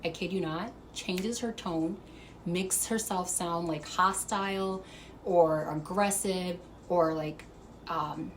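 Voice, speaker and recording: A woman vlogger telling a story to camera, animated and profane, laughing as she goes. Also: fairly low pitch, takes it slowly, slight background noise. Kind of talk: casual storytime monologue.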